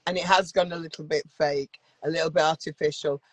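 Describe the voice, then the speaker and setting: A woman's voice: deep voice, steady tone, brisk, slightly rough, no echo. A middle-aged woman from Manchester with a Mancunian accent, chatting as an interview guest in a blunt way, with dry humour and plenty of swearing. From Manchester, England. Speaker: guest singer. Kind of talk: casual interview chat.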